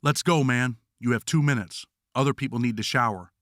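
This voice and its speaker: A man's voice: medium pitch, brisk, a bit bright, no room sound, clean studio sound, close to an everyday voice. A man voicing a male prison guard barking curt orders, in an audiobook narration. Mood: impatient.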